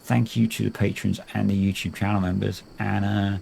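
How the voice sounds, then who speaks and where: A man's voice: fairly low pitch, flat delivery, normal speed, creaky, a little mellow, slight background noise. A man hosting a gaming video, giving laid-back, rambling let's-play commentary with jokey self-praise.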